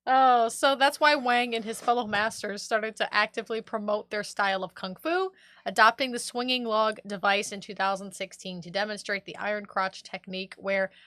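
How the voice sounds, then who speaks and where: Woman podcast cohost reading a story out loud, bright voice, dry close mic, laughing asides. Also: medium pitch, steady tone, moderate pace, dry recording. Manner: reads news aloud with laughing asides. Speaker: co-host reading news. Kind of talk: casual podcast chat.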